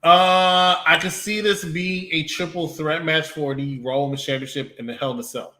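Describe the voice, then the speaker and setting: A man's voice: a little high, steady tone, normal speed, pushed and bright. A man co-hosting a casual wrestling review chat, matter-of-fact and teasing. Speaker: podcast co-host. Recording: echoey room.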